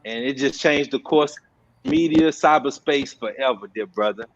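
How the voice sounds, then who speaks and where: A man telling animated stories in a panel discussion, acting out the voices of people he quotes. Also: medium pitch, moderate pace, vocal fry, dull audio. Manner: conversational, acts out quoted voices. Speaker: guest, social media organizer.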